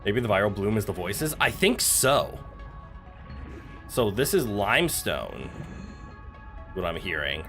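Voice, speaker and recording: A man's voice: lowish voice, measured pace, pauses often, music in the background. A man casually streaming a survival game, joking, swearing and chatting with viewers. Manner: animated and joking, swears, talks to chat and his pet.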